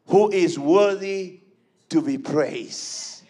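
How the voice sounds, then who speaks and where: A man's voice: high-pitched, lively intonation, takes it slowly, pauses often, fairly bright tone. A man preaching a fervent sermon, repeating phrases and calling for responses.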